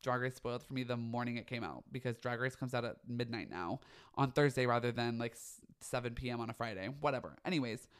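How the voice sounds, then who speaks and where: Young male podcast host, campy and theatrical, gossipy, foul-mouthed, mid-pitched voice. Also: fast talker, clear, resonant tone. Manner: campy, dramatic, gossipy, swears freely. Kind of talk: casual solo podcast chat.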